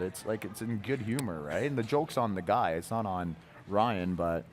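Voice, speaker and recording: Deep-voiced joking hockey player. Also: male voice, animated, normal speed, a little hiss or hum. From Canada. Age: 30s. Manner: joking, candid, brushes off praise. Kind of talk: TV sports talk-show interview. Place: arena broadcast set.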